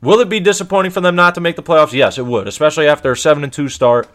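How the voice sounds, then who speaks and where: Racing along in a high-leaning voice, a man hosting a show rattles off casual sports commentary, emphatic and animated, full of repetition and rhetorical questions.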